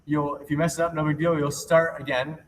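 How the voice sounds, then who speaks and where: A man's voice: on the high side, little pitch movement, brisk. A young man teaching a remote PE lesson to young children, upbeat and reassuring as he counts out a rhythm game. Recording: distant laptop mic with faint noise.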